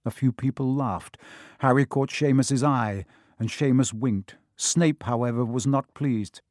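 A man reading a children's fantasy novel aloud in measured, scripted narration. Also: mid-range voice, a little mellow, no room sound, studio quality. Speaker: audiobook narrator.

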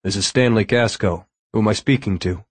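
A man voicing a calm, concerned older father. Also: fairly low pitch, a little fast, dry recording, natural voice.

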